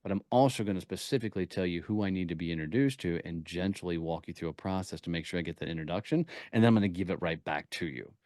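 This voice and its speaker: A man talking as a podcast guest, telling energetic stories with punchy emphasis. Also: sits low, fast talker, few pauses, no echo, studio quality. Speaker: podcast guest, networking speaker. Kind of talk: casual interview talk.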